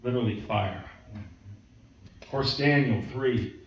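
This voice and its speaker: A preacher with a medium-pitched voice and a measured pace shares a sermon as a conversational story, acting out what its people say. The recording, made at a distance in a very echoey church hall, sounds dull, with faint room noise behind him.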